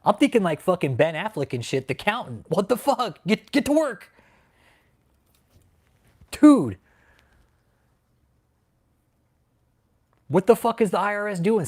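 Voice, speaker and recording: A man hosting a livestream who rants angrily with heavy swearing, swinging between loud outbursts and low grumbling while he reads out chat names. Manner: angry, profane ranting. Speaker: channel host. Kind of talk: livestream commentary, reading chat.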